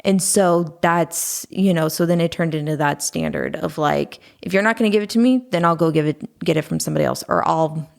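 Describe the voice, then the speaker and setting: A woman in her thirties, a podcast guest, talking openly and calmly about her past, with many fillers. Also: fairly low pitch, a little fast, creaky, few pauses. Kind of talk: candid conversational interview.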